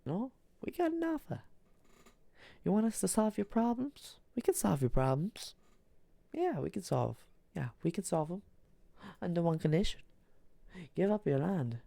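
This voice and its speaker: A guy doing a wheedling schemer voice, way up high, gravelly edge, dry. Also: sing-song, normal speed, long pauses, dark tone, no echo, heavily acted. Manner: wheedling, insistent salesman offers. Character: scheming smooth-talking country personified, male.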